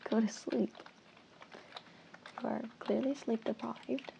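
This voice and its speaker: A woman's voice: fairly high pitch, steady tone, slow, vocal fry, background noise. Woman in playful whispered role-play. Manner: playful, teasing, mock-stern. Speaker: ASMR creator.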